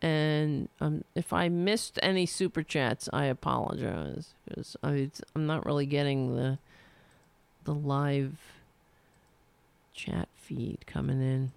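A woman's voice: low voice, slow, creaky, clean tone, dry recording. A woman hosting a live stream, reading a letter aloud and breaking off into heated, profane rants. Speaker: livestream host.

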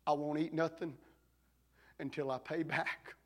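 A man voicing a disgraced male pastor who quietly and earnestly begs to make amends. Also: a little high, steady tone, measured pace. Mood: pleading.

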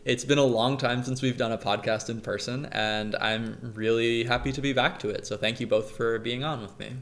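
A man's voice: mid-range voice, steady tone, normal speed, fairly bright tone. A man hosting a casual podcast, upbeat and jokey, explaining facts loosely with fillers. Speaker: podcast host.

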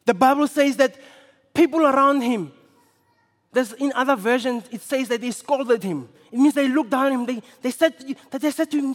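A man preaching a sermon with impassioned delivery, building to shouts and repeating phrases for effect. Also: very high-pitched, normal speed. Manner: impassioned, rising to shouts, dramatic repetition. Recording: long reverb of a large hall.

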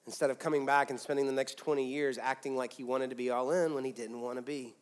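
A man preaching a sermon as pastor, swinging from loud, pressing emphasis down to quiet, soft lines. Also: medium pitch, steady tone, fast talker. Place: church auditorium with a congregation.

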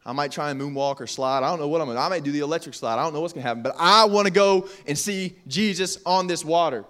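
A man voicing an eager, bold adult male fisherman disciple, talking in excited casual slang. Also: a little high, quick pace, close to an everyday voice.

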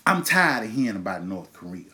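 A man's voice: on the low side, very animated, a little fast, sharp tone. A man in his thirties hosting his own show, ranting with angry, profane emphasis and pointed rhetorical questions. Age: 30s. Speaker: podcast host. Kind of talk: impassioned monologue.

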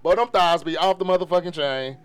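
A man co-hosting a podcast in casual chat, loud and animated, acting out quotes. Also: on the high side, brisk, heavy background noise. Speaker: podcast co-host.

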